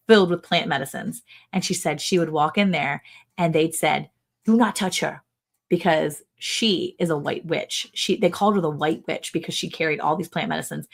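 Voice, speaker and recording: A woman hosting a casual livestream chat, telling stories in a chatty, animated way and laughing often. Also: sits low, creaky. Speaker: livestream host.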